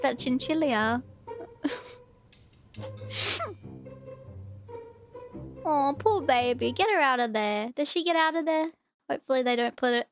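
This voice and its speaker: Young woman streamer, high voice, slow and unhurried, cooing at cute animal clips, faint music behind. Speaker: VTuber streamer. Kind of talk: casual stream chat reacting to videos.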